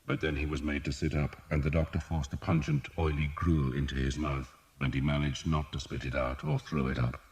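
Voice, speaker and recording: A man narrating an audiobook in a measured, even storytelling manner. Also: very deep voice, big-room sound. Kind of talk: scripted narration.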